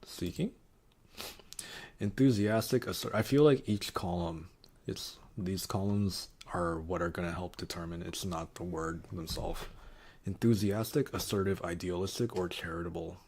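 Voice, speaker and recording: A man's voice: low voice, fairly even intonation, moderate pace, a little mellow, husky. A man streaming casually, reading quiz options aloud and muttering wry, sarcastic asides.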